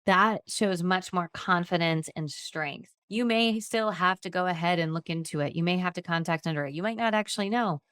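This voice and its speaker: Upbeat low-voiced woman trainer. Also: normal speed, hardly any pauses, a bit bright, clean tone, no echo. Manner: upbeat and chatty, briefly acts out customer-service lines. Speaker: insurance agency trainer and podcast host. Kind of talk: podcast training talk.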